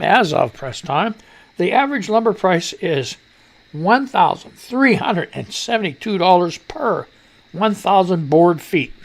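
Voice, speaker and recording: A man's voice: high voice, creaky, fairly bright tone. A man hosting a radio show, reading news items and breaking off into crude, mocking asides. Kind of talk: casual news commentary.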